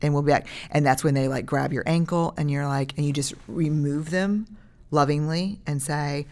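A woman's voice: sits low, fairly even intonation, moderate pace, darkish tone. A woman in her forties talking casually as a podcast guest, animatedly acting out what she would say to a child. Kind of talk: casual parenting chat.

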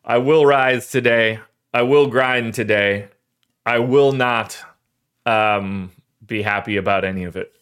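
A man's voice: mid-range voice, unhurried, fairly bright tone, clean tone. Rambling, choked-up male podcast host. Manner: rambling, self-deprecating, emotional about his team. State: voice cracking, choked up. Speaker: fantasy sports podcast host. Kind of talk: casual solo livestream talk.

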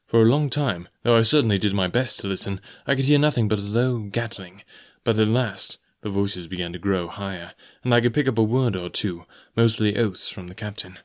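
A man reading an audiobook aloud in measured first-person narration. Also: on the low side. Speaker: audiobook reader.

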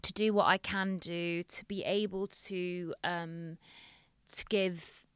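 A woman's voice: lowish voice, steady tone, slow, smooth, dry recording, clean studio sound. Earnest woman in candid podcast chat. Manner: earnest, open and reassuring. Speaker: dentist guest.

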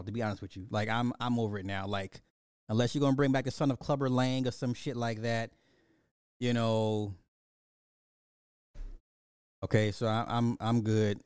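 A young man hosting a casual talk show, ranting with lots of swearing, laughing often and swinging between loud outbursts and low mutters. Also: smooth, no echo, studio quality. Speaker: podcast host. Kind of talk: casual commentary rant.

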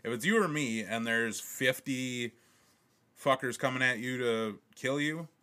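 A man's voice: medium pitch, unhurried, sharp tone. A man co-hosting a podcast in a crude, joking, rambling casual chat. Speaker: podcast co-host.

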